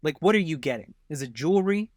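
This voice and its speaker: Female co-host, low voice, dry wit, dry studio sound. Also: animated, fast talker, darkish tone, no echo. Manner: wry, joking reactions. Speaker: podcast co-host. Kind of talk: casual history chat.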